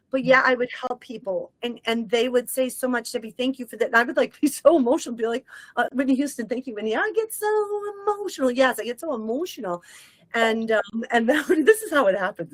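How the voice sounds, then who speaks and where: A woman, a medium, telling a personal story in casual conversation, emotional and animated, breaking into short sung lines. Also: fairly high pitch, brisk, no echo, poor audio. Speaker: guest medium.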